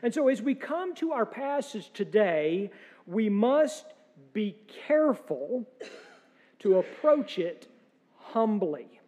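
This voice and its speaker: A man's voice: high voice, very animated, takes it slowly, a little mellow, big-room sound. A man preaching a sermon as pastor, earnest and emphatic, with rhetorical questions and dry humor. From United States.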